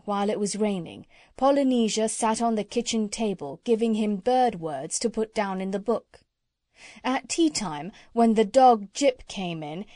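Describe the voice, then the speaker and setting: A woman narrating a children's audiobook in an expressive storytelling manner. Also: medium pitch, dry recording, studio quality. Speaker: audiobook reader.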